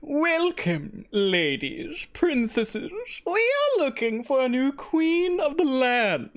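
A woman's voice: sits high, pitched above the performer's own voice, heavily acted. A woman voicing a fumbling royal hostess, making mock-formal announcements and tripping over her words. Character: fumbling royal woman host of a queen contest.

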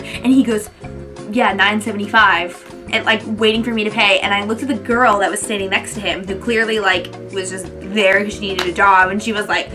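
Chatty New woman, music behind. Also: moderate pace. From New Jersey. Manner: animated, frequent "like", acts out quotes in a higher voice. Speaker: beauty vlogger. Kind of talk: casual storytelling chat.

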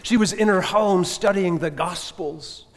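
High-voiced man preaching in an echoey church. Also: a little slow. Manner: earnest storytelling with sudden emphatic rises and hushed drops. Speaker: pastor. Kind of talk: sermon. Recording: echoey church hall reverb.

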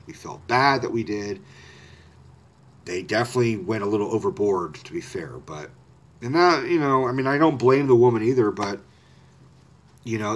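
A man telling a personal story in a casual, rambling way, often correcting himself and swearing. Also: mid-range voice.

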